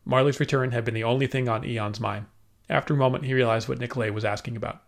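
A man narrating an audiobook with steady storytelling. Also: medium pitch, quick pace.

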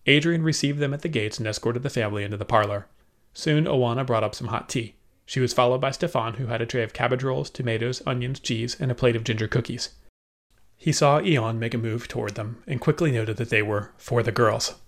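A man narrating an audiobook with steady storytelling. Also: medium pitch, brisk.

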